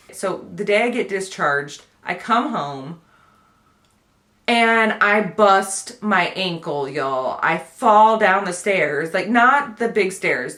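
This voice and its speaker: A woman's voice: medium pitch, a bit bright. A young woman, giving a chatty, emotional personal update to her viewers. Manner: chatty, emotional, tearful at times. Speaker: vlogger. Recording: echoey room.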